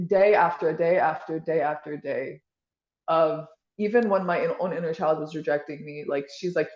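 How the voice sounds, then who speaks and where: A woman's voice: low-pitched, moderate pace, a little mellow, reverberant, dull audio. A woman being interviewed, talking in a casual, rambling way with lots of "like" and restarts. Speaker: podcast guest.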